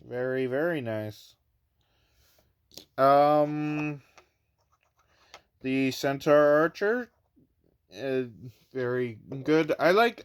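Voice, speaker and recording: Slow, smooth-voiced man reviewing toys. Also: medium pitch. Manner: rambling, hesitant, with many fillers and restarts. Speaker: toy collector reviewer. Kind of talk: casual unboxing review.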